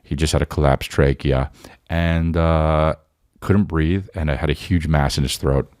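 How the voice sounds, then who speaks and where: A man's voice: rumbling low, steady tone, unhurried, darkish tone, no room sound, clean studio sound. A man in his forties hosting a casual solo podcast, rambling with lots of restarts and tag questions, his voice sore and worn. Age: 40s. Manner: rambling with many restarts and "right?". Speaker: podcast host.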